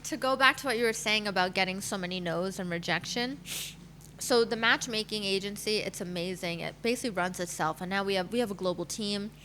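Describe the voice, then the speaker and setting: A woman's voice: mid-range voice, fairly quick, pushed and bright, slight background noise. A woman in her thirties, a matchmaker, telling her own career story candidly in a podcast interview, with fillers and laughter. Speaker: guest, matchmaker.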